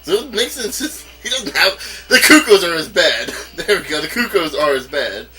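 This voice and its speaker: Let's-play host from North Carolina, a man; casual, stammering, chuckly commentary with lively pitch. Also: normal speed, poor audio. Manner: rambling, stammering, chuckles a lot. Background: game music.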